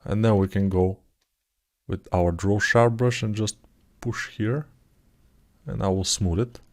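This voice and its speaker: With typing audible in the background, a lowish-voiced man who tutors 3D art walks through his sculpting during a live session. He muses aloud without hurry, relaxed and poking fun at himself.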